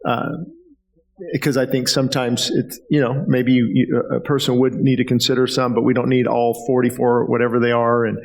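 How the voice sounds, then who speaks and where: Pastor host in an echoing hall. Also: male voice, medium pitch, flat delivery, fairly quick, vocal fry, a little mellow. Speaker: pastor hosting. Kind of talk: casual health Q&A. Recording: long hall reverb.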